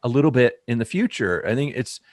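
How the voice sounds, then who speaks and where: A man's voice: medium pitch, animated, fairly quick, no room sound, studio quality. A man co-hosting a review podcast, explaining details and thinking aloud. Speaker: podcast co-host. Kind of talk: casual review chat.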